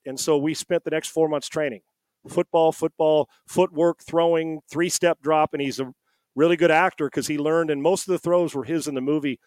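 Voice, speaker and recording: Animated middle-aged man telling stories. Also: a little high, dry recording. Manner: animated storyteller, acts out quoted dialogue. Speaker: podcast guest. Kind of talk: casual storytelling. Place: home. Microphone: headset.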